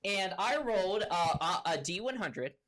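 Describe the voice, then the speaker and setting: A woman's voice: mid-range voice, expressive, measured pace, a bit bright. A woman hosting a tabletop game stream as game master, rambling with many fillers and restarts. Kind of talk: casual stream talk.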